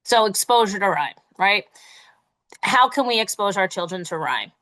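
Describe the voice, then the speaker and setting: A woman's voice: mid-range voice, lively intonation, moderate pace, bright, forceful tone, rough recording. A woman teacher presenting a parent workshop, explaining in a friendly way with small fillers.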